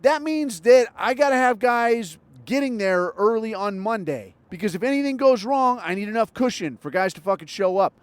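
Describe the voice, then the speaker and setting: A man's voice: high-pitched, animated, moderate pace, few pauses, no echo. An older man from Southern California hosts a podcast, ranting angrily and sarcastically with constant swearing while he drives. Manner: angry, profane, sarcastic. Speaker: podcast host. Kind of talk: profane ranting monologue. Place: in a car while driving.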